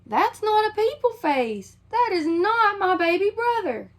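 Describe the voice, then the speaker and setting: A woman's voice: extremely high pitch, big pitch swings, a little slow, pitched above the performer's own voice, full character voice. A woman voicing a young girl in a picture book, matter-of-fact and insistent. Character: young girl, firm and practical.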